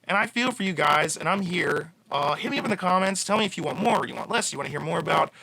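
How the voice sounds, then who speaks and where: A man's voice: high voice, lively intonation, quick pace, vocal fry, pushed and bright, dry recording. A man giving a casual fan monologue, passionate and rambling, with frequent restarts. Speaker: fan commentator.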